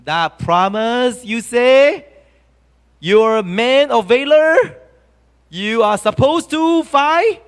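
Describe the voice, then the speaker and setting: A young, unsure new leader, halting and tentative, as a preacher acts him out. The speech has a fairly high, lively pitch, with a long church-hall reverb. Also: male voice, smooth, heavily acted. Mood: hesitant.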